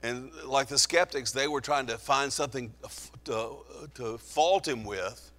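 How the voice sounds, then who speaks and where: A man's voice: medium pitch, a bit bright. Earnest preacher man in a reverberant hall. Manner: earnest, emphatic, slows for stress. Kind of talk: sermon.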